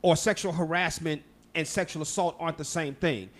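A man's voice: on the high side, steady tone, fairly quick. A man from Texas co-hosting a podcast, telling stories in a loose, profane, laughing way. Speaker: podcast co-host. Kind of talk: casual chat.

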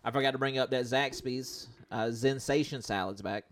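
A man's voice: medium pitch, normal speed, crowd noise. Host, male, middle voice, rambly and filler-heavy casual talk. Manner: rambling, many fillers and "you know". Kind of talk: casual chat.

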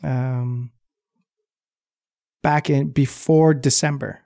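A man's voice: medium pitch, steady tone, very slow, gravelly, dark tone, dry recording, studio quality. A man hosting an interview, asking rambling, encouraging questions with plenty of "um"s. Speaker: interviewer host. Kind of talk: casual interview.

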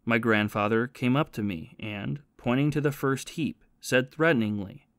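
Remorseful ex-soldier and thief confessing his past, read by a man, steady and plain, dry booth sound. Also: medium pitch, normal speed, dry recording, natural voice. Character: remorseful former soldier and thief, haunted by guilt.

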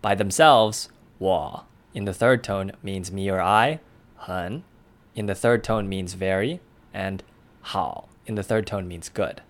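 A man co-hosting a language lesson, explaining pronunciation in a clear, methodical way. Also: fairly low pitch, normal speed. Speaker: language podcast co-host.

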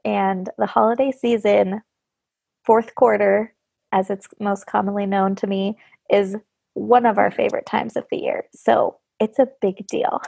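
A woman in her thirties hosts a podcast in relaxed, bubbly chat, laughing often and peppering her talk with "like." Her voice has a gravelly fry and a husky edge. The sound is dry and close. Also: mid-range voice, measured pace, dry recording. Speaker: podcast host. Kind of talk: casual chat.

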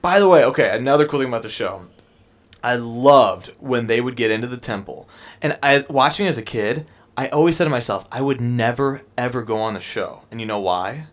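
Animated, teasing man on a podcast. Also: mid-range voice, a little fast. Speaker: podcast co-host. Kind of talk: casual chat.

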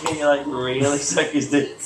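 A man's voice: fairly high pitch, little pitch movement, normal speed, recorded from a distance, music in the background. A man playing a tabletop game, teasing the others with crude banter. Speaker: player. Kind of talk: casual tabletop game chat. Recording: echoey room with clear background noise.

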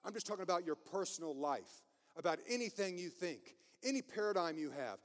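A man delivers a sermon with passion and heavy emphasis, pushing his points hard and now and then laughing at himself. His voice sits high for a man. The sound carries a long reverb, as in a large church hall. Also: lively intonation, brisk. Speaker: preacher.

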